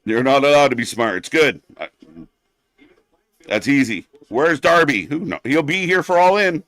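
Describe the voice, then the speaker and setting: A man's voice: mid-range voice, animated, normal speed, a bit bright, no echo. A man hosting a live wrestling watch-along stream, ranting bluntly and sarcastically, swearing often and getting heated.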